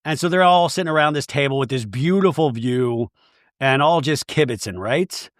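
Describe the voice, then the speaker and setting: A man tells a reality-show recap with wry, casual humor and an easy storytelling lilt. His voice sits at an ordinary pitch. The sound is dry and close to the mic. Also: normal speed, dry recording. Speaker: podcast host. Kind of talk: comedic recap commentary.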